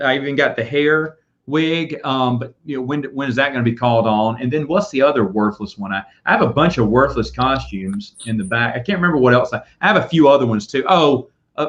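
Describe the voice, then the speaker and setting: A man hosting a casual chat, telling rambling, animated stories. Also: mid-range voice. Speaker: podcast host. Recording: dull lo-fi audio.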